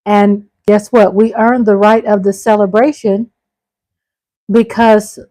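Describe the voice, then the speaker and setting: A woman's voice: medium pitch, flat delivery, takes it slowly, mellow, no room sound, rough recording. A middle-aged woman hosting a casual live stream. She reads out viewer comments and chats back to them, calling her viewers y'all and breaking into exclamations.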